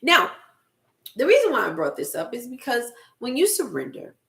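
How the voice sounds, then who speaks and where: A middle-aged woman, a motivational speaker and spiritual life coach, giving a casual spiritual talk to camera, slow and emphatic, repeating phrases for effect. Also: fairly high pitch, wildly swooping pitch, gravelly, fairly bright tone.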